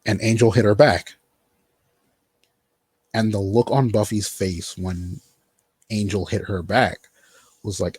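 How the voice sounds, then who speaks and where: Husky low-voiced man recapping a show. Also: fairly even intonation, takes it slowly, long pauses, darkish tone, no room sound. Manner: rambling, filler-heavy, quotes characters in mock voices. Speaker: podcast host. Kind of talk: casual chat recapping a TV show.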